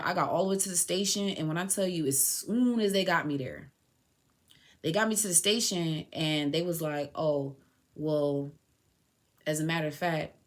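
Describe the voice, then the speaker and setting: A young woman hosting a podcast, telling a painful personal story in a candid, slangy way and near tears at times. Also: sits low. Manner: emotional, slangy and candid, retelling dialogue. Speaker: podcast host.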